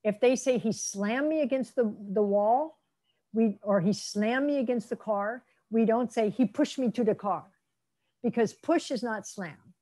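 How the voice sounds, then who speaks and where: Woman, middle-aged, mellow voice, lecturing, acts out quoted speakers. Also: fairly high pitch, unhurried. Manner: lively, acts out quoted speakers in role-play. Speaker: interpreter trainer. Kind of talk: lecture presentation.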